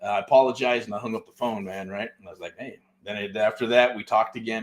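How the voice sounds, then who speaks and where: A man's voice: fairly low pitch, steady tone, quick pace. A middle-aged man, hosting a real estate show and telling a story in loose, profane casual talk, full of "right?" and "man.".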